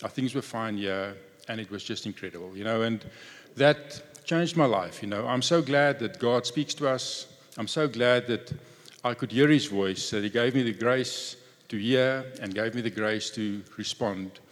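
A man's voice: mid-range voice, moderate pace, in a large hall. A man sharing a personal testimony in a conversational storytelling way.

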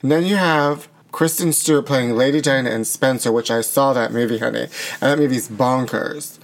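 A man's voice: medium pitch, moderate pace, over music. Gossipy guy hosting a chat show, dramatic, says honey a lot. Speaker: talk show host. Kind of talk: casual banter.

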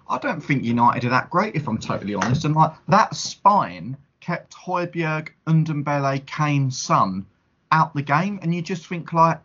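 A man's voice: fairly high pitch, lively intonation, measured pace, fairly bright tone, breathy edge, highs cut off. A man co-hosting a casual football podcast, talking in an emphatic, rambling way with many restarts. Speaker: podcast co-host. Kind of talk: casual chat.

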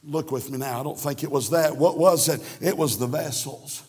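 A man preaching a sermon, telling a story and then rising to shouted emphasis in a church. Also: on the high side, normal speed, breathy edge. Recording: echoey church hall.

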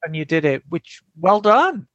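A man hosting a casual chat, speaking in a slow, teasing, theatrical way. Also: fairly high pitch, very animated, fairly bright tone, highs cut off. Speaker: host.

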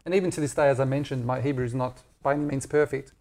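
A man's voice: mid-range voice, fairly even intonation, racing, darkish tone. A middle-aged Australian man chatting candidly as an interview guest, joking and self-deprecating. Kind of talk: casual interview chat.

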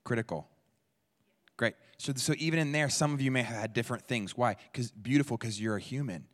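A man with a mid-range voice talks fairly quickly while giving an interactive teaching talk at a church. He speaks conversationally and repeats the audience's answers. The recording is from a church hall and carries a long hall reverb.

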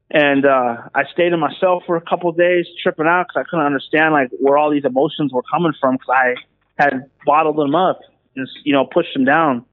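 A man's voice: a little high, fairly quick. A man, a minister, telling his story in casual slangy speech and acting out what others said. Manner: slangy, animated, acts out quoted voices. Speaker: guest minister. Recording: phone-like call audio.

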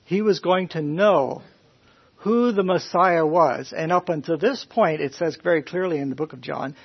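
Husky-voiced man preaching to a class. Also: fairly high pitch, moderate pace. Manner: questions the listeners, folksy, animated. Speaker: preacher teaching a Bible class. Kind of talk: conversational sermon. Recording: dull lo-fi recording.

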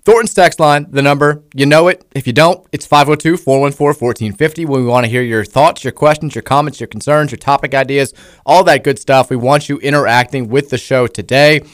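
Male radio host, mid-pitched, upbeat banter, dry studio sound, plenty of teasing. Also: steady tone, fairly quick, dry recording. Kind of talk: sports talk radio chat. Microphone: studio microphone.

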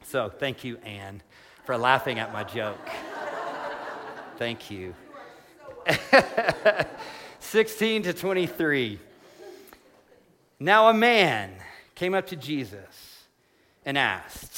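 A man's voice: mid-range voice, slow, long pauses. A man preaching a sermon to a congregation from a church stage, acting out the people he quotes. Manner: animated, dramatizing quoted speakers. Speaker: pastor. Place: church hall before a congregation.

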